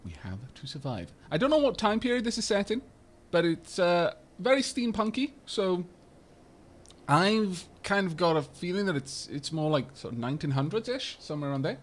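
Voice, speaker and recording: A man's voice: high-pitched, lively intonation, normal speed. A man streaming a game live and chatting loosely over it. He rambles from one aside to the next, cracks small jokes, and trips over his words with plenty of "uh"s along the way. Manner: stumbles over words and fills with "uh". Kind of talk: casual live-stream commentary.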